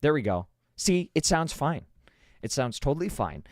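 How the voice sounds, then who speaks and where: A fairly high-voiced man rambles excitably on his own live stream, his pitch bouncing all over as he restarts his sentences. He talks into a dynamic broadcast microphone at a home streaming setup. The sound is close and dry, with no room echo at all. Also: normal speed. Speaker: livestream host. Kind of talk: casual live-stream chat. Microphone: dynamic studio broadcast microphone.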